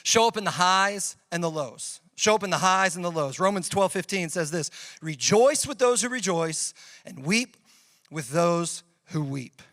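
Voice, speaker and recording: Man, youth pastor, conversational sermon, high voice, dry close sound. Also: lively intonation, unhurried, fairly bright tone, dry recording. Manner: conversational, uses storytelling examples.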